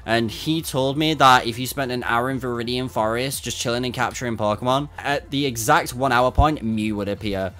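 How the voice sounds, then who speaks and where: Blunt, swearing streamer. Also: male voice, mid-range voice, moderate pace, hardly any pauses, fairly bright tone, soft background music. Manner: blunt, swears freely, frustrated banter with chat. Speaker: game streamer. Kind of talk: casual livestream chat.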